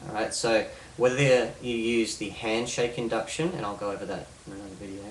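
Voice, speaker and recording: A man's voice: lowish voice, steady tone, brisk, a little hiss or hum. A man casually explaining a hypnosis technique, rambling with fillers and restarts. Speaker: hypnosis instructor. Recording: roomy, distant mic with faint ambience.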